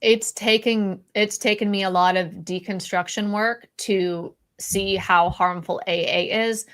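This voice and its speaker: A woman's voice: mid-range voice, steady tone, measured pace, fairly bright tone, clear, resonant tone. A woman co-hosting a casual live-stream chat, speaking candidly, laughing often and restarting her sentences. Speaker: podcast co-host.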